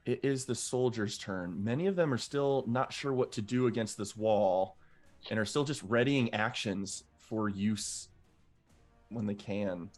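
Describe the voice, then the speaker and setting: A man narrating as game master of a tabletop game, giving calm, measured rulings with frequent fillers. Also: lowish voice, faint music behind.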